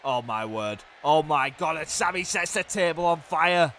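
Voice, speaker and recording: A young man giving excitable play-by-play commentary on a wrestling video game, swinging from hushed groans to loud shouts. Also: on the high side, normal speed, a little hiss or hum.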